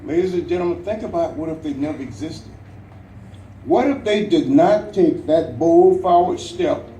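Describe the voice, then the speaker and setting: A man's voice: on the high side, warm tone, a little hiss or hum. Earnest man giving a rousing ceremony speech. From Louisiana, United States. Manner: earnest, rousing, with dramatic pauses and light jokes. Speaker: Veterans Day ceremony speaker. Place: outdoor memorial ceremony at a national cemetery. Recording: echoey, distant, faint outdoor ambience.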